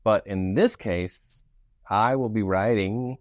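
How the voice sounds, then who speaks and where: A young man co-hosting a podcast in casual chat, playful and jokey with sudden animated outbursts. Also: fairly low pitch, slow, no room sound, studio quality. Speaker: podcast co-host.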